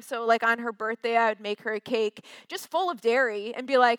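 A woman's voice: on the high side, lively intonation, brisk, few pauses, fairly bright tone, smooth, no echo. A young woman from Westchester, chatty and self-deprecating with many fillers, telling a personal story on stage.

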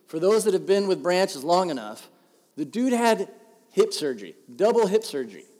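A middle-aged man preaches in a relaxed, joking way, with a fairly high voice for a man. His voice rings out with a long reverb, as in a large church hall. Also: moderate pace. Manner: conversational, joking, animated. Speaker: pastor. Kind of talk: sermon.

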